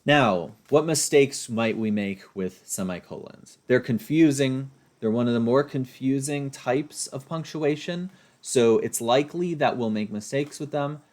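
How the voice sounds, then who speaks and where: A man's voice: mid-range voice, unhurried, hardly any pauses, a little mellow. A man lecturing as a writing instructor, explaining through examples and often checking in with a rhetorical "right?".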